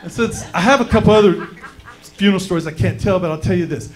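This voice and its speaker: A man's voice: high voice, quick pace. A man doing a brash, crude stand-up set on a comedy club stage.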